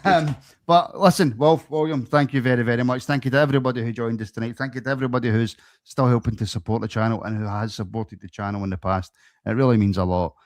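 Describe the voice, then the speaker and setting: A man's voice: mid-range voice, steady tone, fast talker, no room sound, clean studio sound. A man hosting a football podcast, talking loosely and casually and repeating phrases for effect as he wraps up the show. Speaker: podcast host.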